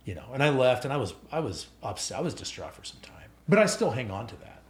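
A man's voice: medium pitch, very animated, fast, reverberant. A pastor in casual conversation, giving earnest advice and repeating his warnings.

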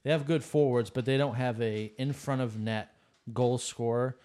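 A man's voice: mid-range voice, steady tone, normal speed, a loud crowd. A man co-hosting a sports podcast, talking bluntly and emphatically and repeating himself. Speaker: podcast co-host. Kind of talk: casual chat.

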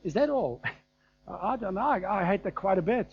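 A man's voice: high voice, lively intonation, moderate pace, creaky, husky, muffled recording. A man with a German accent preaching a sermon in a conversational, anecdotal way, with frequent fillers and chuckles.

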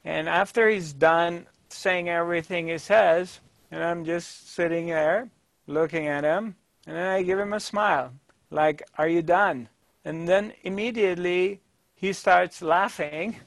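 A man giving a spiritual talk, telling a personal story in a calm, halting way with many fillers. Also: high-pitched, creaky, dry recording. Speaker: spiritual teacher.

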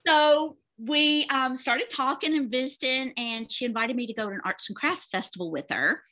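Animated storyteller woman. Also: high-pitched, normal speed. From Mississippi, USA. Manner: animated storyteller who acts out quoted dialogue. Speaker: guest. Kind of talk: casual storytelling chat.

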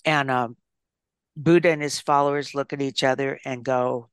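An older woman, an author and psychologist, speaking as a guest in an interview, reflecting and telling stories with gentle restarts. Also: rumbling low, steady tone, moderate pace, smooth, no room sound, studio quality. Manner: thoughtful storyteller with gentle restarts.

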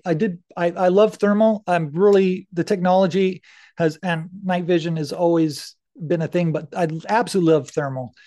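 High-voiced earnest middle-aged man. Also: a little mellow. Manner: earnest, candid, swears casually. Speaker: podcast guest. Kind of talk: casual interview talk.

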